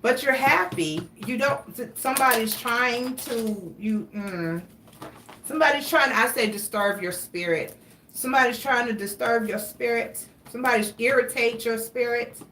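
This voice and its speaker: A woman's voice: fairly high pitch, normal speed, pushed and bright, a little hiss or hum. A young woman giving a casual tarot reading, talking in a rambling, profane, chatty way. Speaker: tarot reader. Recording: roomy echo, distant from mic.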